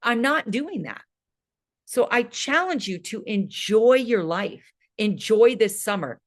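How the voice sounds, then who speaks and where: A woman in her late fifties speaks as a fitness coach in a motivational talk to her group. Her delivery is emphatic and energetic, and she keeps checking in with a quick "right?" at the end of her points. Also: fairly high pitch. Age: 50s.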